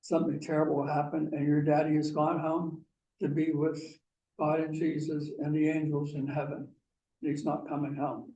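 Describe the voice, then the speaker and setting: A man speaking as a young mother who gently tells her small son of a tragedy. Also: on the high side, completely flat delivery, moderate pace, roomy sound, distant mic, highs cut off, natural voice. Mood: grave. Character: grieving young mother breaking bad news.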